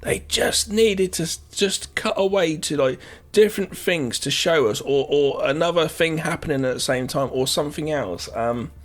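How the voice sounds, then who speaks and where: Podcast dude giving his take on a movie, rambly and opinionated, regular mid voice. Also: medium pitch. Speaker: podcast co-host. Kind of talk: casual film review chat.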